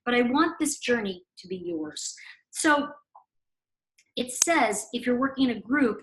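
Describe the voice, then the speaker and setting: Animated woman teaching spiritual lessons. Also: high-pitched, rough recording. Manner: conversational, acts out dialogue with emphatic swings. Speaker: spiritual teacher and oracle card author. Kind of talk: casual teaching talk.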